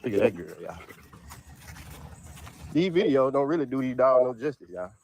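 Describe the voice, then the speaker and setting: A man, casually pitching his dogs for sale to viewers outdoors in his yard, peppering his talk with "y'all". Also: big pitch swings, normal speed, vocal fry, darkish tone, slight background noise. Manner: drawls "y'all" constantly, Southern US dialect. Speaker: dog breeder selling dogs.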